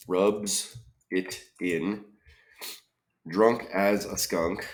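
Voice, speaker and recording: Man, very low voice, slow pace, thinking aloud, tentative, questioning. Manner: muses tentatively, trailing off with questions. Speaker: crossword solver. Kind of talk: thinking-aloud puzzle solve.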